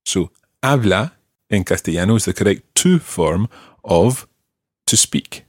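A man hosting a language-learning podcast, explaining grammar patiently and clearly. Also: on the low side, lively intonation, measured pace, no echo, studio quality. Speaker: language teacher and podcast host.

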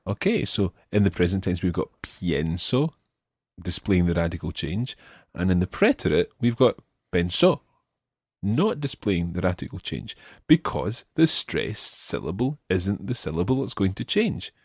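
Low voiced guy teaching spanish verbs, patient and methodical, dry close sound. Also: very animated, normal speed, a little mellow, slightly rough, no room sound. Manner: patient, explains step by step and prompts the learner. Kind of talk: spoken language lesson.

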